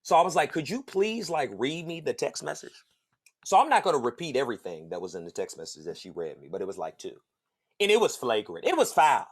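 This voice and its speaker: Man host, casual slangy storyteller, very lively intonation. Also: mid-range voice, brisk. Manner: animated, slangy, laughs while telling stories. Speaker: podcast host.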